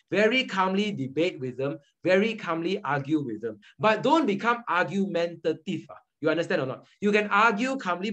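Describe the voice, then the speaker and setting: A man's voice: sits high, fairly bright tone, poor audio. A young man with a Malaysian English accent, teaching an online Buddhist study group in a patient lecture style and repeating points often. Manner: repetitive, patient teaching with frequent "okay" and "all right". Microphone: video call.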